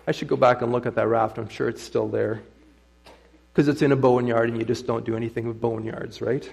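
A man's voice: medium pitch, level tone, brisk, creaky, darkish tone, husky. A middle-aged man preaching a sermon in a folksy, conversational way, weaving in personal stories and tossing rhetorical questions to the congregation. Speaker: pastor.

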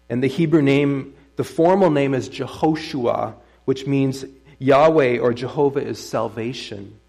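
Middle-aged male pastor, gravelly voice, folksy storytelling sermon, chatty asides to the room. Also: mid-range voice, a little mellow. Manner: folksy, conversational, asks the audience rhetorical questions. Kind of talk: sermon with personal stories.

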